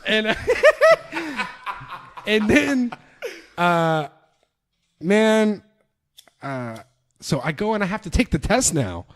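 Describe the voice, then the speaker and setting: A young man from New York telling a story on a podcast, with a fairly high voice. He swears freely and gets animated, acting out the people in it as he goes. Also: very slow, pauses often. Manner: animated, profane, acts out voices. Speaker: podcast guest. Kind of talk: casual storytelling.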